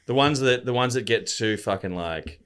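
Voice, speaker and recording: A man's voice: mid-range voice, moderate pace, a bit bright, clean tone. A man, a father of two, reflecting on family life as a podcast guest. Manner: laid-back, reflective. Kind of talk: casual podcast chat.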